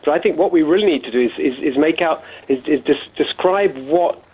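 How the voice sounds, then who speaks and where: British male guest, husky, slightly high, phone-line sound. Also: brisk. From Britain. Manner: articulate, listing points in runs. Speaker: guest author. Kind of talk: radio interview.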